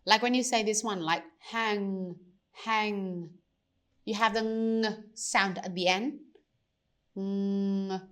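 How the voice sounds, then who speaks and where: A woman teaching pronunciation, slowly demonstrating sounds and repeating them for learners. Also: a little high, a bit bright. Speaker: language teacher. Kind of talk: pronunciation lesson.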